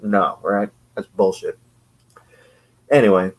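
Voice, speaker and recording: Sarcastic man with a lowish voice. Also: a little slow. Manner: sarcastic, rambling, laughs often. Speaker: comic book reviewer. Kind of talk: casual comic review.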